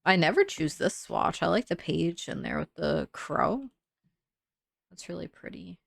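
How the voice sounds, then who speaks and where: A woman's voice: lowish voice, sing-song, unhurried, gravelly, breathy edge, no echo, clean studio sound. A young woman casually thinking aloud while she builds in a game, chatty and full of "like"s. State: sleepy, yawning. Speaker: gaming creator building in a life sim.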